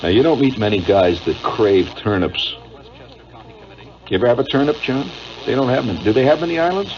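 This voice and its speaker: This middle-aged radio host, whose accent is Midwestern American, talks briskly and expressively in a mid-range voice. His monologue is wry and digressive, peppered with chuckles and many uhs, and the old radio recording sounds dull and lo-fi with a faint hiss.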